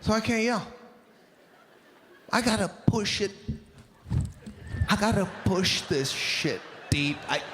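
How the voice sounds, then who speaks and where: A man doing stand-up, telling a story in an animated, exasperated way, swinging between loud bursts and mutters. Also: high voice, takes it slowly, long pauses, slight background noise. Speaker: stand-up comedian.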